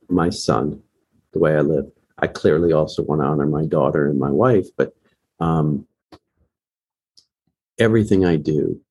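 A man's voice: deep voice, darkish tone, slightly rough. A middle-aged man, a bereaved father, speaking earnestly and emotionally as a podcast guest. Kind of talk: podcast interview.

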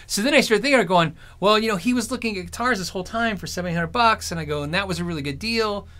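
A man chatting casually on his stream, telling rambling anecdotes in an animated way. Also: sits high, fast. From Arizona. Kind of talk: casual storytelling chat.

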